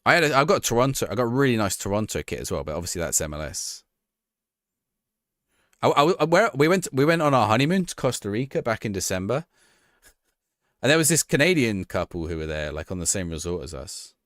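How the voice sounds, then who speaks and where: A man's voice: fairly low pitch, very animated, brisk, a bit bright, no room sound, studio quality. A man streaming a football management game live, reacting to the action and chatting with his viewers.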